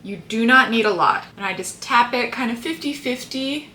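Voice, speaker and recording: A woman's voice: a little high, normal speed, sharp tone. A woman vlogger chatting casually through a makeup tutorial with rambling asides. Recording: roomy echo, faint hiss.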